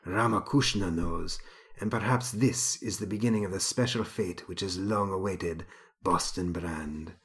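A man voicing a solemn, cryptic male mystic who speaks slowly and gravely. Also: low-pitched, a bit bright. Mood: ominous. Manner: slow, grave, intoning.

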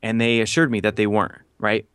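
A man in his thirties telling a business story on a podcast, animated, with many fillers and acted-out quotes. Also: on the low side, fast talker, clean tone, no echo, studio quality. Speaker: podcast guest. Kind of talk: casual storytelling.

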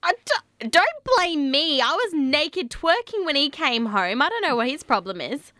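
Brief: playful giggly woman player, high and bright. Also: big pitch swings, unhurried, dry recording, studio quality. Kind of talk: improvised tabletop role-play. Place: studio.

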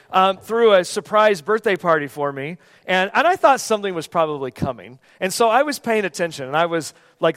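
High-voiced preacher in a reverberant hall. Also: male voice. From United States. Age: 40s. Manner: conversational, emphatic preaching with sudden drops to a hush. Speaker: pastor. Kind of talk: sermon. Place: church sanctuary.

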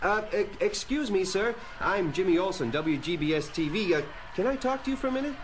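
An actor playing an eager young television reporter on a 1970s children's story record, upbeat and a little stammering. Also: male voice, sits high, lively intonation, a little fast, a little hiss or hum. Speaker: newscaster character on a vintage story record.

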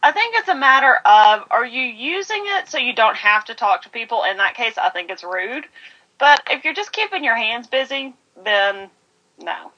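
A woman from the American South, co-hosting a podcast in casual chat, lively and quick to laugh. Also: a little high. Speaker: podcast co-host. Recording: dull, muffled audio.

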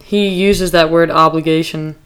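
A woman with a slightly low-pitched voice talks in a relaxed, animated way. She is co-hosting a podcast and recapping a TV episode, with plenty of filler words. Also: normal speed, clear, resonant tone. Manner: chatty, animated, frequent "like" fillers. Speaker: podcast co-host. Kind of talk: casual chat recapping a TV episode.

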